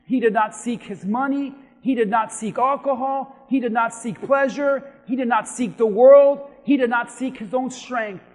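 A pastor with a strikingly high voice preaches a sermon in a church. His delivery swings from steady teaching to impassioned, shouted appeals, and the sound rings with the long reverb of a large hall. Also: normal speed, few pauses. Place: church sanctuary.

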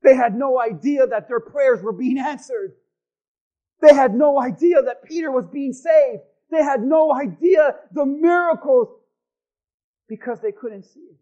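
A man preaching a sermon to his church, swinging between loud shouted pleas and quiet asides. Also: very high voice, a little slow, lo-fi sound. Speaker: pastor. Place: church hall with congregation.

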